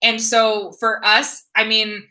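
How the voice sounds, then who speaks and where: An American woman in her thirties answering viewer questions on a livestream, earnest and emotional, with many halting restarts. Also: a little high, little pitch movement, pushed and bright, poor audio. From United States. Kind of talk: livestream Q&A chat.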